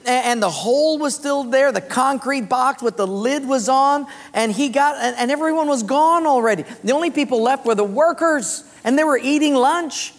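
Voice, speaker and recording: A pastor preaching a sermon in a large auditorium, telling stories in a conversational, animated way. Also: high voice, moderate pace, few pauses. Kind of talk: sermon with storytelling. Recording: long reverb in a large auditorium.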